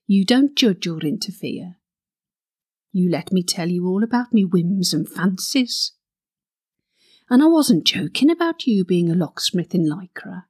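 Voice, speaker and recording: A woman's voice: lowish voice, lively intonation, a little slow, darkish tone, husky. A woman playing a flirty gossip. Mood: flirtatious. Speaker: comic monologue character. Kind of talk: comic character monologue.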